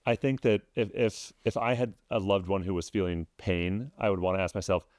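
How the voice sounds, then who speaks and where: A man's voice: sits low, fairly even intonation, fairly quick, a little mellow, dry recording, studio quality. A male podcast co-host in casual chat, reflective and thinking aloud with repeated words.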